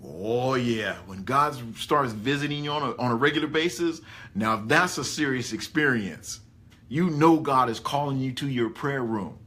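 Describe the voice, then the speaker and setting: A man preaching a conversational sermon, animated and folksy. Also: mid-range voice, moderate pace. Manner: animated, folksy, rising excitedly on key points. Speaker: pastor.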